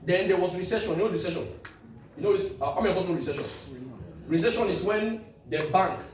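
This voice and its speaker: A man, preaching a sermon with call-and-response and sudden shouts. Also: high voice, fast talker, slight background noise. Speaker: pastor. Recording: echoey hall, distant mic, music behind.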